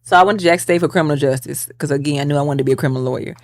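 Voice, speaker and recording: A woman tells her story at a brisk clip. She acts out the people in it as she goes. The sound is close and dry. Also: low voice, no room sound. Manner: lively storyteller, acts out quoted voices. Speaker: guest attorney. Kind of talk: storytelling interview.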